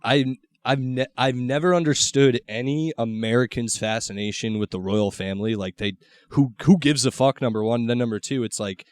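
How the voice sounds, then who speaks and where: A man's voice: medium pitch, steady tone, normal speed, no room sound. A young man hosting a comedy podcast, blunt, profane and joking in casual chat.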